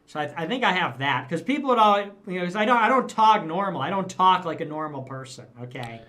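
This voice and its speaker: A young man with a Chicago accent, rambling and halting through a casual livestream monologue. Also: high-pitched, lively intonation, bright, forceful tone. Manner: rambling, halting, self-deprecating. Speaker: livestream broadcaster.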